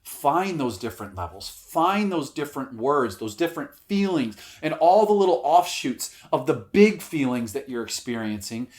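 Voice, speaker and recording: A man's voice: medium pitch, very animated, normal speed, few pauses, darkish tone. A middle-aged man, an acting coach, giving casual spoken advice with emphasis, swearing now and then.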